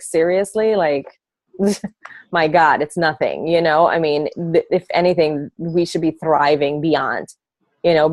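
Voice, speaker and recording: Casting: passionate woman coach, lower voice, dry close recording. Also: darkish tone, no room sound. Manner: emphatic, filler-heavy, passionate. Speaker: team coach on a group call. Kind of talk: casual team call chat.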